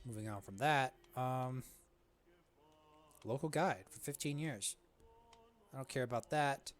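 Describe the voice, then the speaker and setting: A man's voice: mid-range voice, measured pace. Slangy young man narrating his gameplay. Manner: slangy, joking, keeps saying "bro". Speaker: let's play gamer. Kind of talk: casual gameplay commentary.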